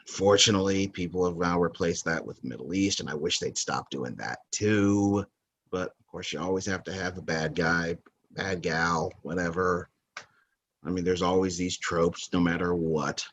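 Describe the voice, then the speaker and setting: A man's voice: sits low, fairly even intonation, moderate pace, a bit bright, muffled recording, slight background noise. A man hosting a movie countdown podcast, talking casually in a rambling, opinionated way that often corrects itself. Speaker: podcast host.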